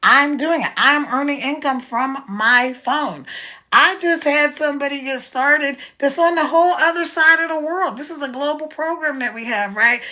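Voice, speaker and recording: High, bright-voiced American woman pitching. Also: normal speed. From United States. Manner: chatty and persuasive, talks straight to viewers. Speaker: online business coach. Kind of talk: casual live-stream pitch.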